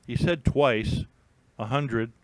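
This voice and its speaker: A man's voice: mid-range voice, slow, dry recording, poor audio. A man hosting a casual live stream, rambling and thinking aloud with many fillers and restarts while he browses listings. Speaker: YouTube host.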